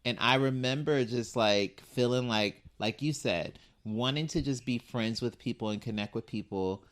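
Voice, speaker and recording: A man hosting a podcast in casual chat, animated and expressive, with some casual swearing. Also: mid-range voice, moderate pace. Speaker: podcast host.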